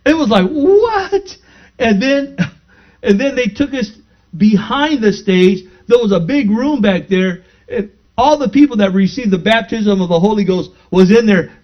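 A man's voice: high voice, normal speed. A man preaching, telling a personal story to his congregation and acting out the dialogue, then building to fervent praise. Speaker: pastor. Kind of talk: sermon testimony. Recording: dull lo-fi recording.

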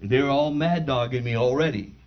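A man giving a spoken testimony in church, animated and acting out the dialogue as he tells it. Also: mid-range voice, a little fast. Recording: dull lo-fi recording.

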